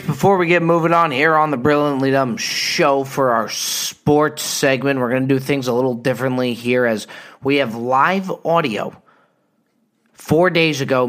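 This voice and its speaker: A man's voice: mid-range voice, fairly bright tone. A man hosting a live podcast, telling a rambling story in a loose, casual way. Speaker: podcast host.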